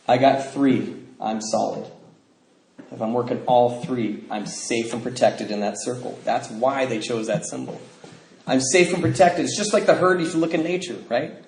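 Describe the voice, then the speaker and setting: A man from the Pacific Northwest of the US gives a lively talk to an audience, acting out the people in his stories and laughing along. His voice sits in the middle range. The sound comes through an echoey hall with a faint hiss underneath. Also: mid-range voice. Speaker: speaker at a recovery convention. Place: convention hall.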